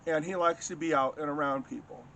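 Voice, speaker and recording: A man casually telling a long personal anecdote in a rambling, halting way, full of restarts and fillers. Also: a little high, gravelly, pushed and bright, slight background noise. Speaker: storyteller recounting a personal encounter. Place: home in a rural farming area.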